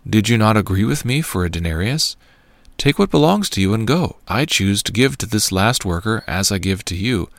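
A firm, fair-minded master of a vineyard speaking plainly, as a male reader takes the part. His voice is low and gravelly, heard close and dry. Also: expressive, normal speed, no room sound.

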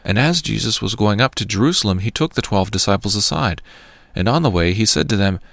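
A man reading scripture aloud in a measured, even way. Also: lowish voice, creaky, no echo. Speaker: scripture reader.

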